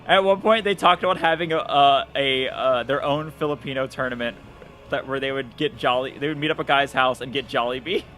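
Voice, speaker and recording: A man's voice: medium pitch, a little fast, sharp tone. A man streaming a game live, chatting casually in a rambling way, swearing and laughing at himself. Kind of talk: casual live-stream chat while gaming.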